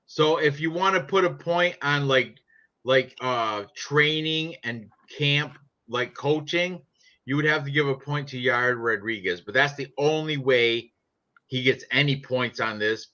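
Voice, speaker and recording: A man's voice: mid-range voice, unhurried, bright, forceful tone. A man chatting casually about sports picks in a brash, profane, joking way. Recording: dull lo-fi sound.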